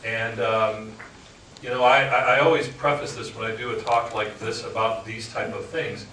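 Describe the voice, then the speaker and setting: A man's voice: lowish voice, moderate pace. Radio host guy giving a talk to a room full of people, jokey and blunt, mic kinda far off, echoey and noisy. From Upper Michigan. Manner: frank, joking, animated storyteller. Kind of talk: motivational talk to a live audience. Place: indoor meeting room with audience.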